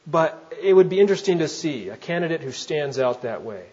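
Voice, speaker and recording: A man preaching from the pulpit, with a voice that sits a bit high for a man. He talks in a conversational way and puts questions to his listeners. The recording is dull and lo-fi. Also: big pitch swings, fairly quick, a little mellow. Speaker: pastor. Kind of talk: sermon.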